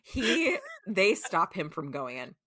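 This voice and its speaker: A woman's voice: lowish voice, big pitch swings, takes it slowly, a bit bright. A woman podcast co-host from the United States, chatting casually as she recaps a show, swearing freely and leaning on fillers like "like" and "um".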